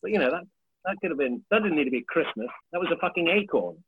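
A slightly high, breathy male voice moves fast and animated as this thirtysomething comedian chats on a podcast. He's casual, self-mocking and freely foul-mouthed, and the sound is tinny like a phone line with faint hiss.

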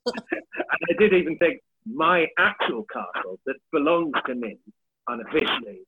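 Fairly high-pitched and husky, this man in his thirties is very animated at a moderate pace while guesting on a podcast as a comedian, joking about himself and swearing freely in casual chat. The dry recording still sounds tinny and phone-like, with faint hiss.

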